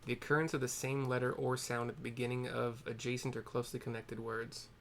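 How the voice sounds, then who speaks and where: A man's voice: medium pitch, flat delivery, fast talker, slight background noise. A man narrating a video game casually, chatting and correcting himself as he goes. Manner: chatty, self-correcting asides.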